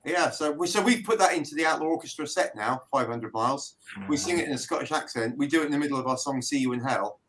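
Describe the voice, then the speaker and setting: A British band member in casual conversation. His voice sits a little high for a man, and he tells his stories with a ready laugh. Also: fast, a bit bright, a little hiss or hum, poor audio. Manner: chatty, laughing storyteller. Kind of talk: casual chat.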